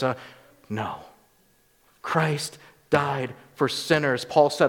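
A man's voice: mid-range voice, animated, slow pace, pauses often, long reverb tail. A man preaching a sermon as pastor, earnest and emphatic, often rising sharply on rhetorical questions.

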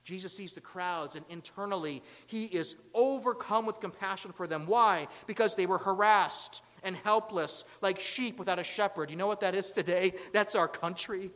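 A man preaching a sermon as pastor, asking rhetorical questions and swinging between loud emphasis and hushed lines. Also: high-pitched, normal speed, few pauses, long reverb tail.

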